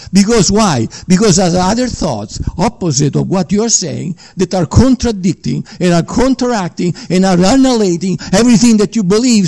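A man's voice: sits high, dark tone. A man preaching a Bible teaching sermon, rambling and repeating himself, often checking in with his listeners. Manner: rambling and repetitive, often checking in with "okay?" and "you know".

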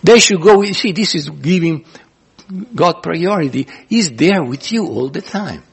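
Husky-voiced man preaching a sermon. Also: fairly high pitch, animated. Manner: earnest, repetitive, pauses and restarts. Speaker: pastor. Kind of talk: sermon teaching.

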